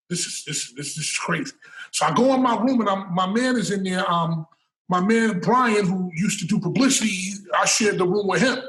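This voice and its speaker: A man's voice: high-pitched, fairly bright tone, distant mic. A man as a podcast guest, telling stories in a casual interview, emphatic and profane, often repeating words as he builds a point. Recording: roomy and off-mic.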